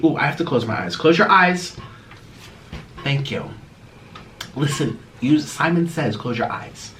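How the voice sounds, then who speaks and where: Animated man on an eating vlog. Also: mid-range voice, background noise. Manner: dramatic, swinging between mumbles and excited yelps. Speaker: mukbang vlogger. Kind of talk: casual eating vlog chat.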